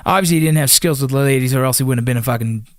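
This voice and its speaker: A man in his thirties tells a war-buddy story in a loose, swearing, conversational way, stopping and restarting his sentences. His voice sits at an ordinary middle pitch and is recorded dry and close, with no room sound. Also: very fast, no room sound. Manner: profane, conversational, frequent fillers and restarts. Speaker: army veteran telling a story. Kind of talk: casual storytelling vlog.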